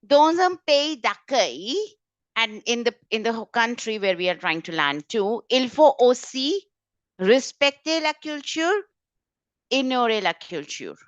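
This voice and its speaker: A woman leads an online language class over a video call, her voice sitting fairly high. She talks in a brisk, corrective way, often repeating key points. The sound is dry and close, with no room echo. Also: expressive, highs cut off. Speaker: French teacher. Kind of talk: online exam-prep class.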